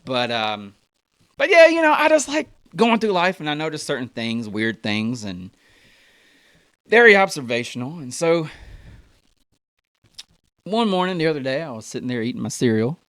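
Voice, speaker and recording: A young man performs stand-up, telling a story with lively swings of pitch as he acts out each person in it. The sound is dry and close. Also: moderate pace, long pauses, dry recording. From United States. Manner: animated, acts out voices with big pitch jumps. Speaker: stand-up comedian.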